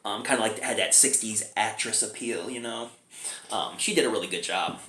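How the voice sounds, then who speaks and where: A man's voice: on the low side, normal speed, sharp tone, roomy sound. A man giving a casual, chatty film review, chuckling often between remarks.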